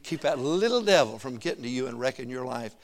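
A man's voice: medium pitch, fast talker. A middle-aged man preaching a sermon, telling stories, laughing often and calling for answers from the congregation. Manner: animated, calls for answers from the congregation.

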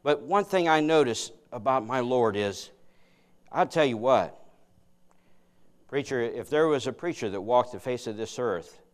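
A man's voice: medium pitch, animated, unhurried, pauses often. A man preaching a sermon in a church. He moves from folksy, conversational storytelling into earnest preaching and prayer. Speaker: guest preacher. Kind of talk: sermon with folksy joke-telling.

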